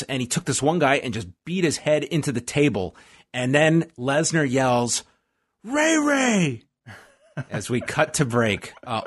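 A man's voice: mid-range voice, a bit bright, dry recording. A man co-hosting a casual podcast, recapping events step by step with dry asides. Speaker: podcast co-host recapping wrestling. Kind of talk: casual chat.

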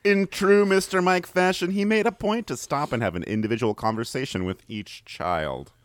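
A man's voice: on the high side, normal speed, slight background noise. A man co-hosting a comedy podcast, reading a news story aloud with wry, mock-serious asides. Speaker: podcast co-host.

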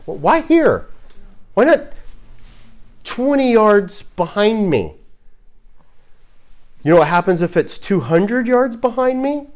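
A pastor from Southern California preaches slowly, pausing to let his points sink in. His voice sits a little high for a man, and he keeps firing rhetorical questions between relaxed, chatty asides. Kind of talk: sermon.

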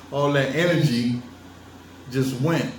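Speaking directly to viewers, a religion vlogger gives a loose, emphatic monologue, teasing and laughing frequently along the way. His voice is mid-range, and the recording picks up a little hiss or hum, with roomy distant-mic sound and faint ambience.

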